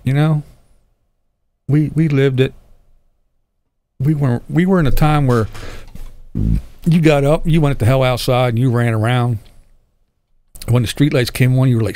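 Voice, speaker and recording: A man's voice: mid-range voice, normal speed, long pauses, a little mellow, no room sound. An older man hosting his own channel, chatting casually with viewers and answering their comments in a blunt, profane way, laughing often. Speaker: YouTube channel host.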